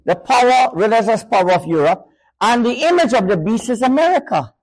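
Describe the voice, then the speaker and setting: A male preacher giving a sermon, emphatic, swinging between raised and lowered voice. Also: animated, fairly quick, rough recording.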